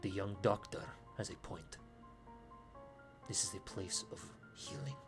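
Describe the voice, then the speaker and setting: A man's voice: fairly low pitch, unhurried, music in the background. A man narrating a tabletop game as dungeon master, with many fillers and restarts. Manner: filler-heavy, laughing narration.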